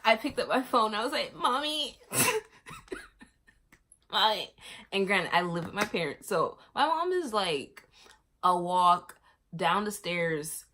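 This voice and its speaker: Young woman vlogger from Miami, casual storyteller, slightly low voice, dramatic swings when she quotes people. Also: a little slow. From Miami, USA. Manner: animated, acts out quoted lines with big swings in pitch and volume. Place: bedroom, sitting on her bed.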